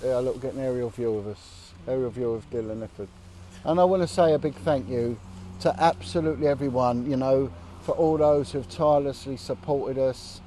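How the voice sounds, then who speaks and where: A man with a medium-pitched, steady, mellow voice vlogs at a moderate pace while sitting on a roadside bench during a long walk outdoors. He talks to camera casually but earnestly and indignantly, swearing bluntly, with a little hiss or hum in the audio.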